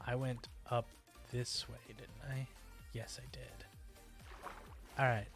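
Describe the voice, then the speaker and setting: Guy streaming a game, middle-pitched voice, chatty and rambling, yelps at stuff, faint music behind. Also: level tone, slow pace, long pauses, fairly bright tone. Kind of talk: casual gameplay chat.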